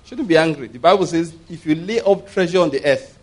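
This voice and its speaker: A man gives a sermon in a fairly high voice. He keeps checking whether his listeners are following, then leads them in repeating lines after him, laughing as he goes. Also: fast, husky. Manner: asks the congregation if they hear him, leads call-and-response with laughs. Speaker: pastor.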